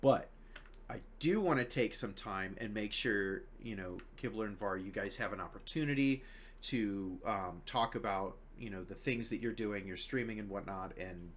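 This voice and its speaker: A man hosting a casual podcast chat, chatty and laughing often, sometimes dropping to a low murmur. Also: moderate pace. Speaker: podcast host.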